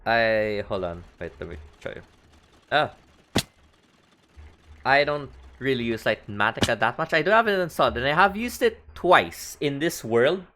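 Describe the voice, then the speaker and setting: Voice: mid-range voice, expressive, moderate pace, pushed and bright. Giggly streamer with a Filipino accent. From Philippines. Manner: giggly, thinking aloud. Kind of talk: casual livestream commentary while building in a game.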